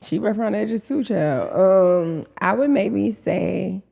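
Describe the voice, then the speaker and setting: A woman's voice: mid-range voice, slow pace, gravelly, dark tone. A woman co-hosting a podcast in casual chat, joking around, teasing and swearing. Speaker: podcast co-host.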